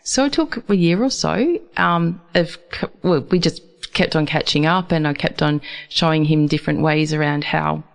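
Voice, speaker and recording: A woman hosting a radio chat in a studio, chatty and quick to laugh. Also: low-pitched, creaky. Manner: chatty, laughs easily, agreeable. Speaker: radio host. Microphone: studio microphone.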